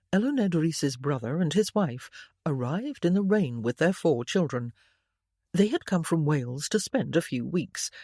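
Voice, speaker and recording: Woman narrating a gentle period romance. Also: sits low, no room sound, clean studio sound. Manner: gentle, measured storytelling; soft voices for the father. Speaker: audiobook narrator. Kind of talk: scripted narration.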